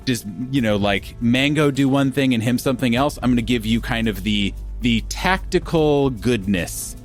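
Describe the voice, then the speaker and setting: A man acting as game master for a tabletop role-playing game, animated and often laughing. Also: mid-range voice, moderate pace, faint music behind.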